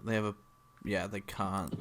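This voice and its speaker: A man narrating a tabletop game as game master, pausing often with fillers as he works out the rules. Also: on the low side, level tone, fairly bright tone, slight background noise. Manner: hesitant, frequent fillers.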